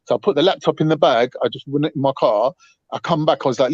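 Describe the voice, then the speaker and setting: A man telling a story to a live panel, animated and swearing freely. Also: fairly high pitch, moderate pace, no echo. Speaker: panel host. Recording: dull, dry online stream audio.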